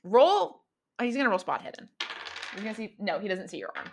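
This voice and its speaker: A woman's voice: mid-range voice, big pitch swings, fast talker, vocal fry, a little hiss or hum. A woman running a tabletop horror game as game master, narrating in a casual, rambling way with many fillers. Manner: casual, filler-heavy storytelling.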